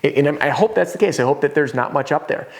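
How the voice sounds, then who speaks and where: A man teaching roofing sales at a whiteboard in a casual, energetic way, now and then acting out homeowners' voices. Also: fairly high pitch, quick pace. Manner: casual, conversational teaching with asides.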